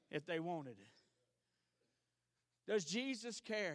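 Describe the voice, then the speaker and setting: A man with a Southern US accent preaches a sermon in a bright, forceful voice that sits a little high for a man. He swings from shouting at the congregation to quiet storytelling. The sound is dry and close. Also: moderate pace, pauses often, dry recording. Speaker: pastor. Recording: archived church service.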